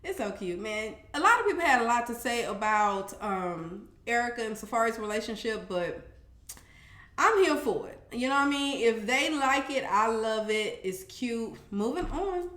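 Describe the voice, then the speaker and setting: A woman casually recapping a reality show, animated and profane, with sassy commentary and acted-out quotes. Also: a little high, normal speed, roomy sound.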